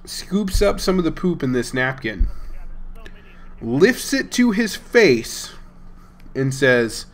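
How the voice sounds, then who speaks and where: A man's voice: on the high side, very animated, takes it slowly, long pauses. A young man hosting a gaming channel, telling a rambling, amused story in a casual tone and chuckling between lines. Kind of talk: casual storytelling over gameplay.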